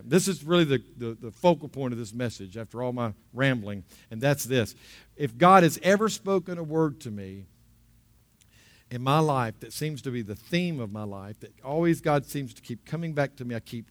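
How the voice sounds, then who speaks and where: A middle-aged man preaching, with a voice pitched a little high for a man. He tells a personal story in a chatty way, then builds into emphatic, pressing appeals. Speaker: pastor. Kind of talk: sermon.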